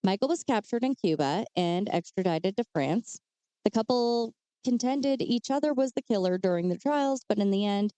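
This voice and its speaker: A woman's voice: medium pitch, warm tone, dry recording. A woman co-hosting a podcast, telling true crime cases in a casual way with chatty asides. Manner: reads case details with chatty asides and fillers. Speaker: podcast co-host.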